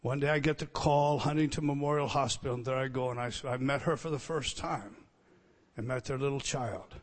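A man preaching a sermon, swinging between loud emphatic teaching and quiet storytelling. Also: medium pitch, fairly even intonation, fairly quick. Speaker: pastor. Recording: long reverb hall.

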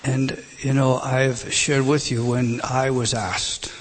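A male preacher delivering a sermon in a mid-pitched voice. He often sinks into a hushed, near-whispered delivery for emphasis. A faint hiss sits under the recording. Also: flat delivery, slow pace, rough recording. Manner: dramatic drops to a hushed whisper.

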